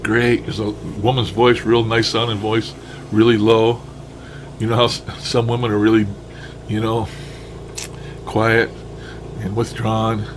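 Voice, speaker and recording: Over a noisy background, the paranormal enthusiast talks through his recordings in a fairly low, flat voice at a measured pace with long pauses. His commentary is casual and musing, with frequent chuckles and occasional mild profanity.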